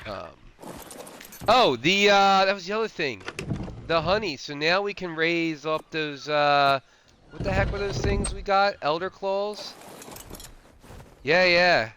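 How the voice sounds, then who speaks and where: A man's voice: sits high, expressive, takes it slowly, long pauses, bright, forceful tone, a little hiss or hum. A man streaming a survival game, casually thinking aloud with lots of fillers and restarts. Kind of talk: casual gameplay commentary.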